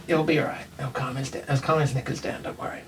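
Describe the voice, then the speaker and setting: A man voicing a pale male elf thief who talks in a relaxed, chatty and reassuring way. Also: medium pitch, fast talker, distant mic, noisy background, close to an everyday voice. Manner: breezy, reassuring, colloquial.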